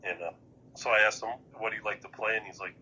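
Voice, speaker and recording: A man's voice: lowish voice, fairly even intonation, quick pace, bright, forceful tone, slightly rough, dull audio. A man chatting casually as a podcast co-host, telling stories and trading jokes in a laid-back way. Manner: laid-back, joking storyteller. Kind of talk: casual chat.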